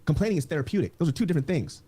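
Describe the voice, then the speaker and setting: Man, podcast guest, lively pitch, animated, swearing, laughing. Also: racing, husky. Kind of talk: casual podcast chat.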